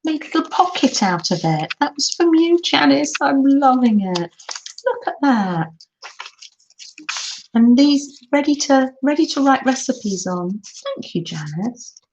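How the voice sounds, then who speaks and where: An older woman hosts a craft livestream, her voice fairly high and lively, swooping up on her delighted exclamations. She talks in an unhurried, gushing way while she reads out viewer comments. The audio is dull and lo-fi, with a faint hiss behind it.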